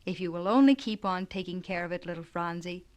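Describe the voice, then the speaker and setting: A gruff old grandfather, impatient and used to giving orders, as a woman reads him aloud. He talks in a brusque, commanding way, somewhat louder than the storyteller around him. A storybook character in an audiobook. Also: on the low side, brisk, natural voice.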